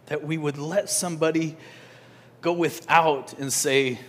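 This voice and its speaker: A male pastor preaching in church with a bright, somewhat high voice. He talks slowly and casually to his congregation, with restarts and asides. He swings from loud emphasis to soft, near-whispered lines. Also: slight background noise. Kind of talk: sermon.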